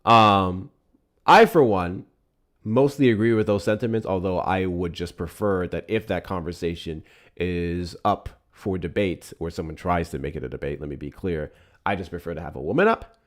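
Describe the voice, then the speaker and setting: A man's voice: low-pitched, normal speed. A man hosting a live political call-in stream, talking bluntly and heatedly.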